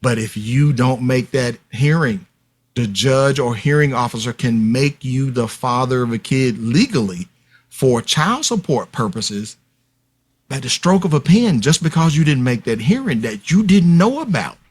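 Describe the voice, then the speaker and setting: A man's voice: mid-range voice, lively intonation, a little slow, husky. Emphatic man lecturing as a podcast guest. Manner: emphatic, lecturing, addresses listeners directly. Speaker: guest expert on paternity fraud. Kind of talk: podcast interview, explaining at length.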